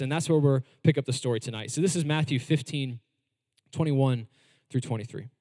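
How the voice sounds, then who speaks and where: A man's voice: fairly high pitch, darkish tone. Man preaching in a reverberant hall. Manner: conversational preaching with varied emphasis and slow stresses. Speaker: pastor. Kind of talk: sermon.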